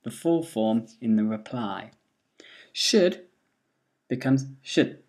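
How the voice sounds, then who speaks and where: Slow, careful teacher. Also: mid-range voice, darkish tone. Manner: slow, careful, models each phrase twice, full then weak form. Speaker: English pronunciation teacher. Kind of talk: scripted pronunciation lesson.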